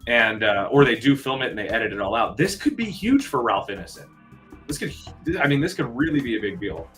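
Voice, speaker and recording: Bright-voiced man hosting a movie chat. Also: medium pitch. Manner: chatty, excitable, talks straight to viewers and reads comments. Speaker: channel manager hosting a live movie news show. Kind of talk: casual live-stream movie chat.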